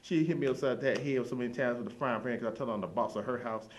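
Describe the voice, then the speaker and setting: Guy riffing a rambling comedy bit real fast, keeps repeating his catchphrases. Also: medium pitch, steady tone, a little hiss or hum. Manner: run-on storytelling with repeated catchphrases. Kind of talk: rambling comic monologue.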